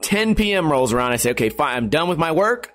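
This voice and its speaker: A young man hosting a podcast, telling rambling, profane stories in a tired, low-energy way. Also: very animated, quick pace, fairly bright tone. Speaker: podcast host. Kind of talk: casual storytelling monologue.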